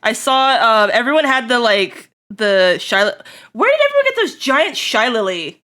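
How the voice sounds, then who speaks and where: A woman's voice: on the high side, big pitch swings, unhurried, pushed and bright. A young woman streamer chatting casually with her viewers, giggly and playful, swearing and putting on mock-angry rants.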